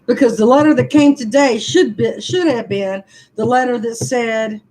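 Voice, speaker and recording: A woman's voice: a little high, normal speed, a little mellow, a little hiss or hum, rough recording. A woman, venting frankly to viewers on a casual livestream and answering their comments with laughing asides. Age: 60s. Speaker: livestream vlogger reading comments.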